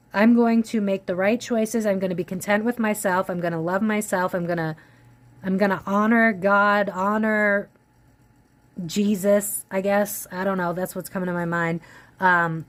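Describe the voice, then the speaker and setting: Woman musing through a tarot reading. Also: mid-range voice. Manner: musing aloud, voicing what she hears with many restarts. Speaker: tarot reader. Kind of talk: casual psychic tarot reading.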